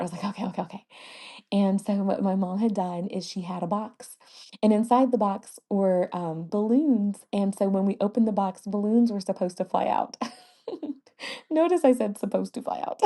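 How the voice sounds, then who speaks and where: A woman's voice: on the low side, warm tone. A young woman hosting a podcast, chatting casually with many fillers and frequent laughs. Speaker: podcast host. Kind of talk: casual chat.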